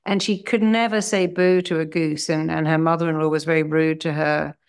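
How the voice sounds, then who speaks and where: A middle-aged woman hypnotherapist telling client stories in an animated, conversational way. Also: sits low, brisk, clean tone. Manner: animated anecdotes, lively acted-out quotes. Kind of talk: conversational storytelling.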